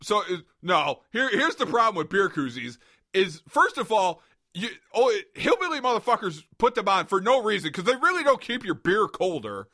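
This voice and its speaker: A man with a high, bright voice rants through a casual podcast argument, swearing freely and laughing often. His pitch swings widely as he mocks and complains. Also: big pitch swings, moderate pace. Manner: profane, ranting, laughs often. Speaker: podcast host.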